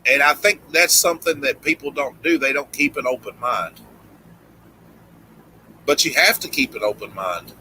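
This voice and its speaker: A middle-aged Tennessee man talks loosely on a live stream, padding his sentences with fillers and restarts. His country accent is plain, and his voice is very bright and edged. A faint background hum runs under him. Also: mid-range voice, normal speed, pauses often, rough recording. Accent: Southern US, Tennessee. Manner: rambling, frequent "you know" fillers and restarts. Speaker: livestream host. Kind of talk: casual live-stream chat.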